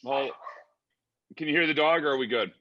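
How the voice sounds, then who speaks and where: A man's voice: fairly high pitch, brisk, pushed and bright, muffled recording, slight background noise. A man hosting a podcast in casual chat, hesitant and often restarting his sentences. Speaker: podcast host.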